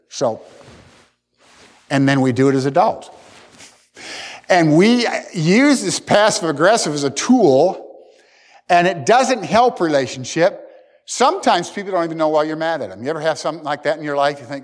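A man's voice: a little high, big pitch swings, moderate pace. A man preaching a sermon as pastor, talking earnestly and acting out what people say. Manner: earnest preaching, acts out quoted speakers. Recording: long hall reverb.

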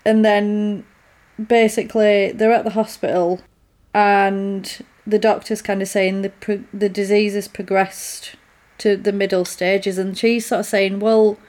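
Woman, podcast co-host, lively film recap, mid pitch. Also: a little slow. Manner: animated retelling with quoted voices. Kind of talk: casual film recap chat.

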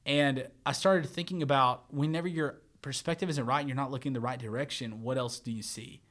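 Rambling, animated man telling a story. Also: medium pitch, a little fast. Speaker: church media worker. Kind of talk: casual storytelling chat.

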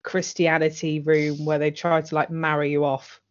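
Her low voice flat and her pace moderate, this female co-host recaps a TV drama on a laid-back podcast. She swears, speaks bluntly, laughs frequently, and acts out lines; the recording is dull and lo-fi.

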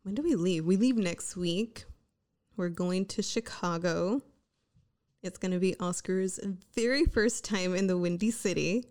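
A woman's voice: on the low side, unhurried, a little mellow. A young woman co-hosting a casual chat, blunt and playful, often laughing. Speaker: podcast co-host.

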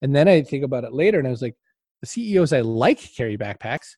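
A man's voice: mid-range voice, fast talker, dry recording, studio quality. A man telling anecdotes as an interview guest in casual talk, acting out what people said and laughing often. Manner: animated anecdotes, acts out quotes, laughs often.

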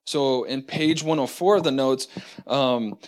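Man, church lesson teacher, mid-pitched, halting delivery with restarts, slow measured scripture reading. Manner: halting, many fillers and restarts.

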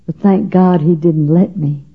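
Her voice on the low side and slightly rough, an older woman from Texas speaks a little slowly as she gives her personal faith testimony. She tells it in a chatty, folksy, humorous and emotional way, mimicking others, over phone-quality sound.

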